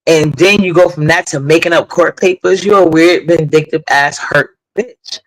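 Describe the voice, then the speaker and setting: A woman's voice: low-pitched, moderate pace, poor audio. A woman hosting a casual live stream, talking bluntly and at length, swearing freely and greeting viewers in the chat between points.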